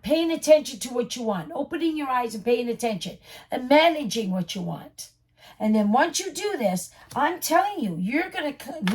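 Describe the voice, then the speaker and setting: A woman's voice: high voice, darkish tone. A woman giving a casual tarot reading straight to the viewer, reassuring and repeating her points. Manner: reassuring, repetitive, addresses viewer directly. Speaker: tarot reader.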